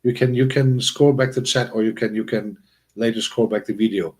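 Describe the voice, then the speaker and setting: A man hosting a casual livestream, chatting with viewers in a rambling, animated way with frequent restarts and chuckles. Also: brisk. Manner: bursts of high-pitched excitement. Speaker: livestream host. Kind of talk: casual livestream chat, talking to chat.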